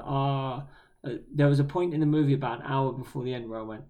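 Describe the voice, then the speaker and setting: A man's voice: medium pitch, fairly even intonation, moderate pace, mellow. A man, co-hosting a podcast in laid-back casual chat, swearing now and then. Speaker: podcast co-host.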